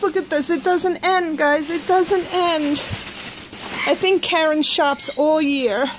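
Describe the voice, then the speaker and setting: Giggly high-voiced woman unboxing gifts. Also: fairly even intonation, slow pace, music in the background. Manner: giggly, gushing, bursts into laughing fits. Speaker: vlogger opening a gift box. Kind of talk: casual unboxing vlog. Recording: noisy home recording.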